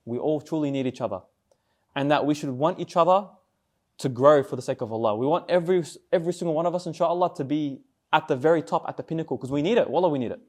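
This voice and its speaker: A young man gives a casual sermon to a student group. His voice sits a little high. He speaks conversationally, keeps checking in with his listeners through questions, and often repeats a word as he goes. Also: a little mellow. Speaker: speaker at a student Islamic society talk.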